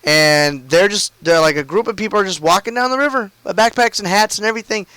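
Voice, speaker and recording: A man tells a story while he streams a game from home, rambling and swearing casually with plenty of fillers. His voice sits a little high and sounds smooth and clean. The sound is dry and close. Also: quick pace, pushed and bright, no room sound, rough recording.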